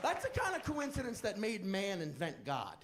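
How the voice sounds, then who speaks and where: A man performing a stand-up comedy routine, telling a story with animated delivery and acting out the people in it. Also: sits high, moderate pace, over a noisy crowd, very noisy. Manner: animated storytelling, acts out characters, shouts punchlines.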